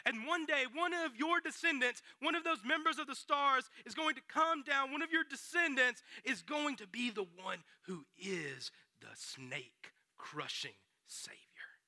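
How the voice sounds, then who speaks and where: Man voicing God, solemn, declaring, very high, bright voice, dry sound. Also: lively intonation, normal speed, few pauses, no room sound, heavily acted. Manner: declaring, earnest. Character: God speaking, solemn and promising.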